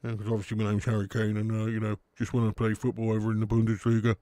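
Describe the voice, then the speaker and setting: A man doing a comic impression of a bland young male star footballer, monotone and stuffed with "you know" and "obviously". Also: lowish voice, rapid-fire, no echo, voice pushed down, natural voice. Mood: flat. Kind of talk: comic impression in a match watch-along.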